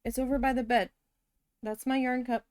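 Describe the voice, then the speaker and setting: A woman's voice: high-pitched, flat delivery, normal speed, a little mellow, dry recording. A woman chatting casually while she works on a craft, telling stories and talking to her cat. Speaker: crafting vlogger.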